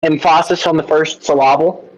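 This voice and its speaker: A man's voice: on the high side, fairly even intonation, normal speed, highs cut off. A man chatting on a podcast, asking emphatic, insistent questions. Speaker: podcast guest. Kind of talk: casual chat.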